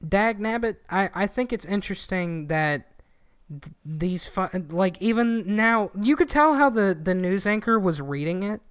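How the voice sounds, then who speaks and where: A young man co-hosting a podcast in casual chat, rambling and swearing, getting animated when he quotes people. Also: high-pitched, measured pace, clear, resonant tone, no echo, clean studio sound. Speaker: podcast co-host.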